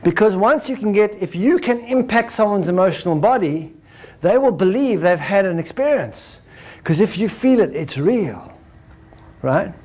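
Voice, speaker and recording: Brief: higher-voiced man lecturing a crowd, lively, acts out his examples. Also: normal speed. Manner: animated, acts out examples, ends points with "right?". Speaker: speaker. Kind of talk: lecture to an audience.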